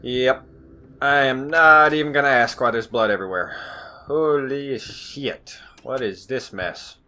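A man doing sarcastic, foul-mouthed commentary while playing a horror video game and yelling at it. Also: mid-range voice, steady tone, moderate pace. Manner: sarcastic, swears often, yells at the game. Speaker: gamer. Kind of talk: horror let's play commentary.

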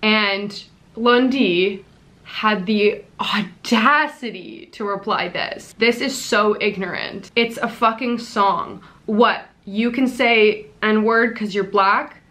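A woman's voice: medium pitch, slow, sharp tone. A young woman giving casual commentary on her channel, blunt and exasperated, with plenty of swearing. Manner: blunt, profane, exasperated ranting. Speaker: commentary YouTuber.

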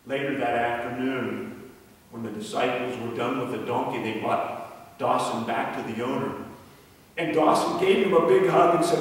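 A man preaching a children's sermon, telling a story in an animated way and then praying. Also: medium pitch, normal speed, a little hiss or hum. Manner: animated storyteller, voice rising for quoted characters. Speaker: pastor. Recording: echoey hall from far off.

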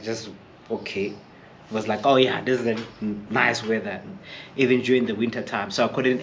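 A man's voice: mid-range voice, slight background noise. A man from Africa, telling stories to camera in a chatty, rambling way and acting out the people he quotes. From Eastern Free State, South Africa. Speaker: chef vlogger. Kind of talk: casual storytelling to camera.

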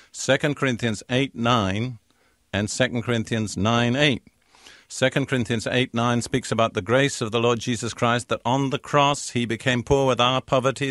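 An older man delivers a sermon as Bible teaching, reading scripture slowly in a measured, emphatic way and stressing each key word. His voice is middle-pitched and fairly bright, recorded dry and close with no room echo.

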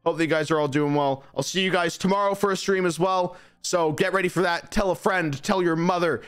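Slightly high-voiced young male streamer. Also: fairly even intonation, brisk, a bit bright, clear, resonant tone. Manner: playful, rambling. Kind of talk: casual chat.

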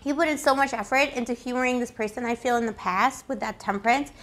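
A woman giving a casual tarot reading, playful and affectionate, calling the listener pet names, her voice slightly hoarse. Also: on the high side, quick pace, a bit bright. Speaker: tarot reader.

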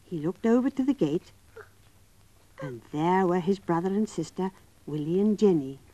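A woman narrating a story for young children in a gentle, coaxing way, talking straight to them. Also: fairly low pitch, expressive, normal speed.

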